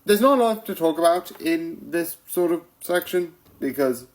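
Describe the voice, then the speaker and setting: A man's voice: a little high, animated, normal speed, poor audio. A man rambling casually about TV episodes, laughing often and restarting his sentences as he goes. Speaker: vlogger reviewing TV episodes.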